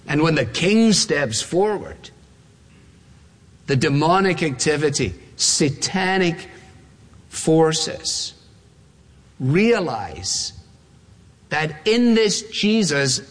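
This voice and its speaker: A man preaching with emphatic, repeated phrases, his voice sitting a little high for a man. He slows down deliberately when he quotes scripture. The sound carries a long reverb, as in a large church hall. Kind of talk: expository sermon.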